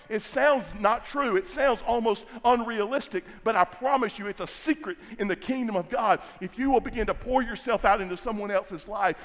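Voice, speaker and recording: A middle-aged man preaches from the pulpit in a notably high voice, leaning hard on repeated phrases and stretching out the words he wants to stress. His voice rings through a large church hall with a long reverb trailing each line. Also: fairly bright tone. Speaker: pastor. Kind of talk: sermon.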